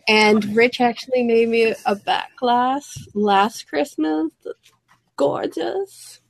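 A woman co-hosting a casual round-table podcast, chatting in a quick, storytelling way full of fillers. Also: a little high, creaky, no echo, rough recording. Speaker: podcast co-host.

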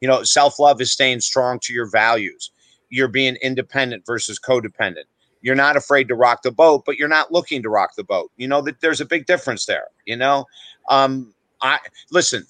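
A middle-aged man speaks with a bright, forceful tone, recorded close and dry with no room sound. He is a podcast guest, blunt and emphatic, who pokes fun at himself as he tells his stories. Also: mid-range voice, fairly quick, no room sound, poor audio. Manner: emphatic, blunt, self-deprecating. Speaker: guest author. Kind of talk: animated podcast storytelling.

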